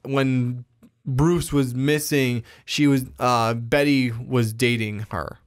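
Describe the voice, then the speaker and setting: A man's voice: medium pitch, steady tone, slow. A man co-hosting a casual podcast, hesitant and full of ums as he searches for words. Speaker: podcast co-host. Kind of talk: casual chat.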